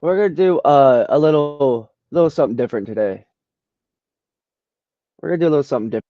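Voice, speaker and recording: A man's voice: on the high side, expressive, quick pace, no room sound. Slangy, profane man on a dull lo-fi mic. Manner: slangy and profane, reacting with loud disbelief. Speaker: vlogger browsing trending searches. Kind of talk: casual screen-share commentary. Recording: dull lo-fi dry sound.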